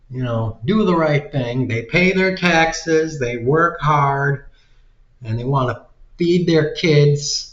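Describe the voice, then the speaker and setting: A man ranting in slow, drawn-out bursts, sarcastic and exasperated, swearing freely. His voice sits in the middle range. The recording has a roomy echo and a slightly dull, muffled tone. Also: mid-range voice. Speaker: video commentator. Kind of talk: casual ranting commentary.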